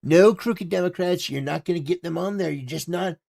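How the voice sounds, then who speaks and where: A brash older politician, as a man puts him on, boasting in short, emphatic, repeated phrases. The voice sits fairly high with a gravelly fry underneath. He punches each line as if claiming a win. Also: a little fast, a little mellow. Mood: boastful. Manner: repetitive, emphatic, self-praising.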